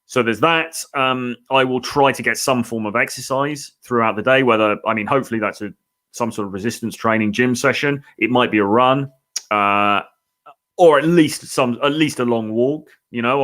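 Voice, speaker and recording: British man, dating coach, live Q&A host, rambling casual delivery, mid-pitched voice. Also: steady tone, normal speed, fairly bright tone. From Britain. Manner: loose, thinking aloud, chatty. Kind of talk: live Q&A reading viewer comments.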